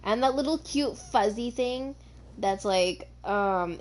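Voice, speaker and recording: A woman streaming a dinosaur survival game, chatting excitedly and talking to her viewers. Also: a little high, slow, slight background noise. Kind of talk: casual gameplay chat.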